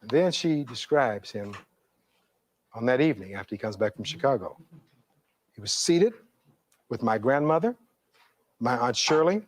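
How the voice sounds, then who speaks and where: A man's voice: mid-range voice, animated, normal speed, pauses often, a little hiss or hum. A middle-aged man, a defense attorney giving a courtroom closing argument, reading testimony aloud and posing rhetorical questions in an oratorical way.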